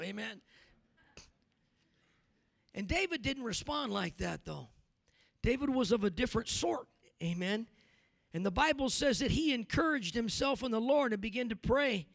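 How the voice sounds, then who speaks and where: A middle-aged male pastor delivering a sermon in a very high, gravelly voice. He moves from hushed storytelling to loud, punchy preaching, dropping amens as he goes. The sound is dry and close. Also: no room sound. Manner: preachy, builds from quiet to shouting with repeated amens.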